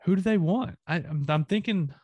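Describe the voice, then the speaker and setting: A man's voice: high-pitched, normal speed, darkish tone, breathy edge, no echo, lo-fi sound. A man from the American South ranting emphatically, with swearing, as a co-host of a casual sports talk show.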